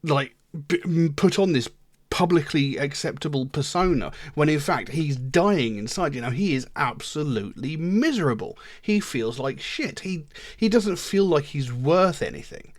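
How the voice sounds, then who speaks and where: A man's voice: fairly high pitch, animated, normal speed, no room sound, clean studio sound. A man giving casual spoken commentary on a song, earnest and emphatic, rambling at times and swearing bluntly. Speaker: music reaction video host.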